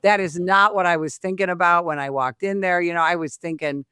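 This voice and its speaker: A woman's voice: lowish voice, fairly quick, smooth, no room sound, studio quality. A woman from Illinois, a retired police sergeant, telling a story in a casual interview and acting out the voices of the people in it. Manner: animated storyteller, acts out quoted voices.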